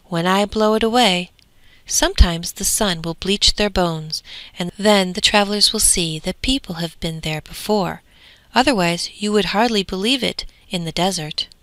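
A woman's voice: medium pitch, normal speed, a bit bright, dry recording, close to an everyday voice. A woman voicing the south wind as a proud, fierce male spirit.

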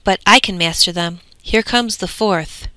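A woman's voice: fairly low pitch, unhurried, bright, forceful tone, dry recording. A woman voicing the old mother of the winds, stern and scolding. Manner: scolding, firm.

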